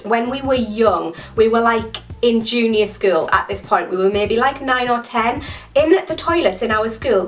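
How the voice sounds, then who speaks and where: A woman's voice: on the high side, far from the mic. A young woman chatting enthusiastically to camera in a beauty Q&A vlog, full of "like" and "so crazy.". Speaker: beauty vlogger. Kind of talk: casual Q&A chat to camera.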